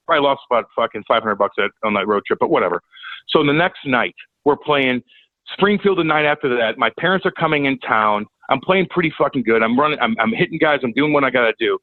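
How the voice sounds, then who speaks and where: A man telling a profane, animated story as a podcast guest. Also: medium pitch, dry recording, phone-quality sound. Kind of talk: casual storytelling.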